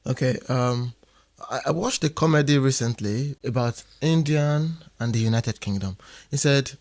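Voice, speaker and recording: A man at a middle pitch speaks as a guest on a faith podcast. He answers in a measured, reflective way. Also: darkish tone.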